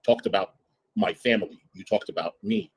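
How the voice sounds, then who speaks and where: A man's voice: fairly low pitch, fairly quick, breathy edge, low-quality recording. A man ranting indignantly on a live stream, accusing someone and repeating his points.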